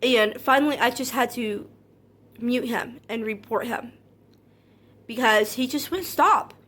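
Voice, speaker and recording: Earnest, anxious woman vlogger. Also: on the high side. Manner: earnest, hurt and anxious, repeats herself; calm and measured, not loud. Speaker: content creator. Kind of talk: personal vlog monologue.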